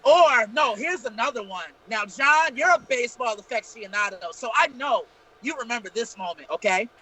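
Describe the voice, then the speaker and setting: High bright-voiced man telling stories. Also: lively intonation, moderate pace, poor audio. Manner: profane, rambling anecdotes. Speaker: podcast co-host. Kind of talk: casual storytelling chat.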